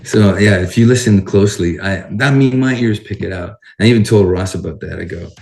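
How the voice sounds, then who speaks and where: Guitar guy telling stories in an interview, lowish voice, sounds kinda roomy, acts out who said what. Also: a little fast, vocal fry, few pauses. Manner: animated, acts out conversations, swears casually. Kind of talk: casual interview storytelling.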